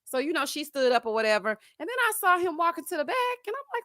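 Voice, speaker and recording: A woman hosting a live-stream recap of reality TV. She talks in a sassy, animated way, calling viewers honey and child and laughing often. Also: very high-pitched, moderate pace, no echo, studio quality. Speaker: TV recap show host.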